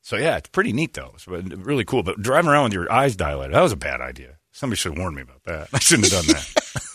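A man's voice: low voice, very animated, quick pace, a bit bright, breathy edge, dry recording, studio quality. A man hosting a casual morning radio show, telling rambling, self-deprecating stories and mimicking the people in them.

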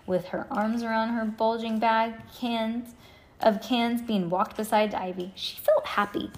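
Woman reading a chapter book to her kids, lively, slightly high voice. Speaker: parent reading to her children. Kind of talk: reading a children's book aloud.

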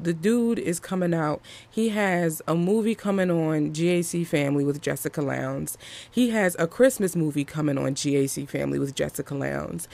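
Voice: medium pitch, vocal fry, a little mellow. A movie reviewer talking casually to viewers in a chatty, emphatic way, often repeating phrases for effect. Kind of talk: casual video commentary.

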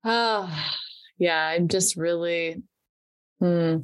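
A woman's voice: lowish voice, very slow, clean tone, no echo. A woman hosting a podcast, reflective and affirming in casual conversation.

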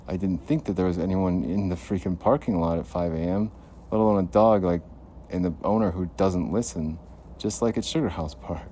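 Low-voiced man muttering to himself. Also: fairly even intonation, moderate pace, mellow, slight background noise. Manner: muttering, paranoid, talks to himself. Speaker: podcast host. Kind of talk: rambling self-recorded monologue. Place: outdoor parking lot at night.

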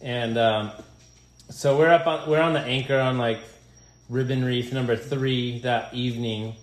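A man, a deckhand and podcast host, telling a fishing story in relaxed, rambling chat with many fillers. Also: medium pitch. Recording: echoey room.

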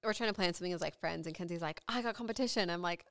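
A woman in her thirties co-hosting a casual chat podcast, often chiming in with quick agreement. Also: fairly low pitch, fairly bright tone. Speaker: podcast co-host.

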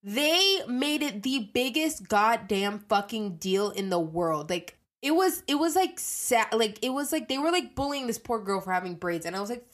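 A woman's voice: on the high side, lively intonation, moderate pace, hardly any pauses. Profane ranting young woman host. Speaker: podcast host. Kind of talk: casual monologue podcast.

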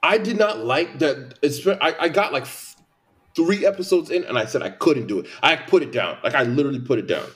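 Man, high voice, very lively pitch, emphatic, repetitive, casual chat. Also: brisk. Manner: animated, repetitive, emphatic complaints.

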